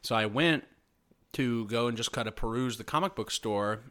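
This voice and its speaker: A man hosting a podcast, telling a long anecdote in an excitable, rambling way. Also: medium pitch, normal speed, clear, resonant tone. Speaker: podcast host. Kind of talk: casual chat.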